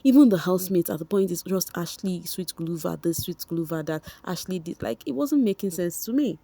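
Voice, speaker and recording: A woman's voice: lowish voice, lively intonation, brisk, creaky, dark tone. A young woman with a Nigerian accent, chatting directly to her viewers in a casual gossip commentary, repeating points for emphasis. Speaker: vlogger.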